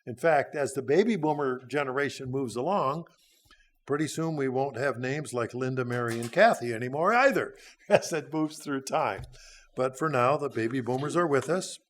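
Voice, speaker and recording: A man's voice: mid-range voice, animated, normal speed. A man in his sixties giving a sermon, teaching through a Bible passage in a folksy, conversational way with frequent hesitations. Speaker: church speaker.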